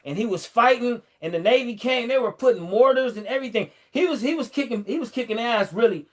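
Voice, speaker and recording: High-pitched middle-aged man, casual chat, retells scenes all excited, lots of like and you know. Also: fast talker. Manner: animated storyteller, fillers and restarts, acts out quotes in a lower voice.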